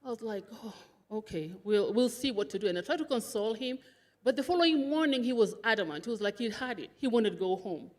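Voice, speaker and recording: High-pitched tearful woman giving a tribute. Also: lively intonation, fast talker, darkish tone. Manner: rambling, tearful, breaking into laughter. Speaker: eulogy speaker, sister of the widow. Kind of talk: emotional funeral tribute speech.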